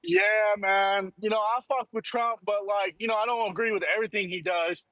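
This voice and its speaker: A man in a car passenger seat calling in on his phone, talking in relaxed slang and swearing. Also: sits high, fairly quick, dry recording, poor audio. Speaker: caller. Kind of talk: casual call-in chat.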